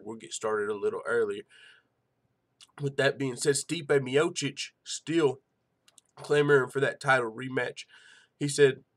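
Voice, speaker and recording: A man's voice: mid-range voice, fairly bright tone. A young man hosting a live MMA talk stream in a loose, slangy, profane manner, chatting casually and reading viewer comments. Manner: loose, slangy and profane, with frequent "you know what I'm saying". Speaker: host of a live MMA news show.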